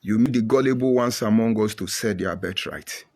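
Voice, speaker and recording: A man's voice: fairly low pitch, moderate pace, darkish tone. A middle-aged Nigerian man speaking with an emphatic, preachy drive. He hammers his points home and often repeats them. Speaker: commentator. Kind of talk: impassioned monologue.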